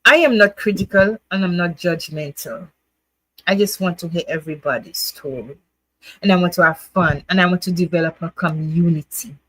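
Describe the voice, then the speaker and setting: A woman's voice: lowish voice, fairly bright tone, no echo, low-quality recording. A woman hosting her own livestream show, chatting to viewers in a grateful, heartfelt way, laughing often and restarting her words. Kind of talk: casual heartfelt chat to viewers.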